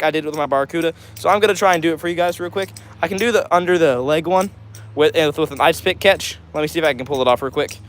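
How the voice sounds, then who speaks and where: Chatty male streamer, slightly high voice. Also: a little hiss or hum. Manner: chatty and upbeat, many fillers like "all right". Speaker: livestream host. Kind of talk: casual livestream chat, reading out comments.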